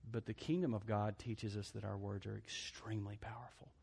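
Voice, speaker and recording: A lowish, husky male voice, level in tone, a little mellow and creaky, carries this fairly quick sermon. The pastor works the crowd for amens and hams it up by performing the voices of others.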